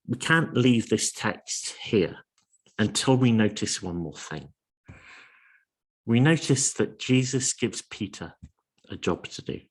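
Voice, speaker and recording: Slow, husky-voiced male preacher. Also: on the low side, expressive. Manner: slow, earnest preaching with rhetorical questions. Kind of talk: sermon.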